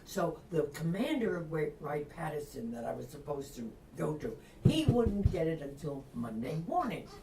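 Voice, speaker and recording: Animated older woman telling a story. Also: sits low, moderate pace, few pauses. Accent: Long Island. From Long Island. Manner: animated storyteller acting out quotes, laughs often. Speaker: author guest. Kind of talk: storytelling interview. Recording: echoey room, distant mic, faint noise.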